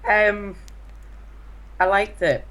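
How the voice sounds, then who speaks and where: A man's voice: sits high, extremely slow, bright, forceful tone. A man co-reviewing a film in casual chat, giving short, hesitant replies.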